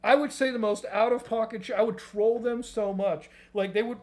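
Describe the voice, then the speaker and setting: A man's voice: high-pitched, steady tone, moderate pace. Rambling, profane streamer man. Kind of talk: casual reaction-stream rant.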